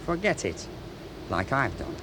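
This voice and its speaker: A man's voice: mid-range voice, big pitch swings, unhurried, background noise. An actor playing a menacing able seaman in a radio drama, mocking and then threatening. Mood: placating. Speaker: ship's crewman. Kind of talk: 1970s radio drama acting.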